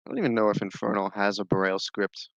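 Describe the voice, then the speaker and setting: A man playing his character in a tabletop role-play game, explaining things in a measured, scholarly way. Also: fairly low pitch, steady tone, a bit bright, no echo, highs cut off.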